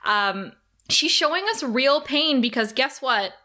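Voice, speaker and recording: A woman co-hosting a casual podcast, animated and emotional as she talks, with frequent laughter. Her voice is bright and clear. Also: sits high, measured pace. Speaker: podcast co-host. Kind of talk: casual chat.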